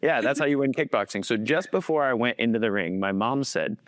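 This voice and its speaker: A man's voice: medium pitch, lively intonation, brisk, fairly bright tone, dry recording. A man in his thirties, a faith-based coach, earnestly telling personal stories as a guest and chuckling often as he talks. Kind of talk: personal storytelling in conversation.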